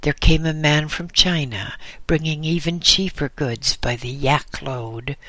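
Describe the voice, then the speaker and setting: A man's voice: fairly high pitch, pushed and bright, no room sound, pitched above the performer's own voice. Man doing a sick old convict, weak and bitter, dry close sound. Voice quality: weak, faint voice. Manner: bitter, halting. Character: dying male convict silversmith, bitter and weak.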